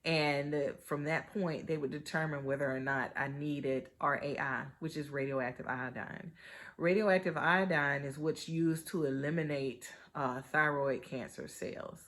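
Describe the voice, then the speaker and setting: A woman's voice: deep voice, measured pace. A woman hosting a podcast, telling a personal story in a chatty, conversational way, with wry humor and lots of "you know". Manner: animated retelling with wry humor. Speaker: podcast host.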